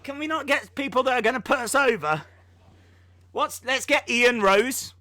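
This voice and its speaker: A man's voice: extremely high pitch, normal speed, bright, forceful tone, dry recording. A man hosting a casual live reaction stream, jokey and self-mocking, and out of breath.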